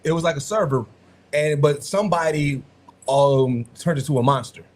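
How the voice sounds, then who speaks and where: A man co-hosting a podcast in casual chat, retelling a gameplay clip excitedly and acting out the quotes. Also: a little high, normal speed. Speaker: podcast co-host.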